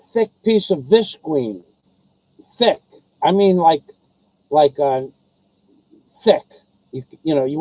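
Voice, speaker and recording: A man vlogging in a rambling, casual monologue, telling stories and quoting people as he grumbles about high prices and masks. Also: mellow, no room sound, poor audio.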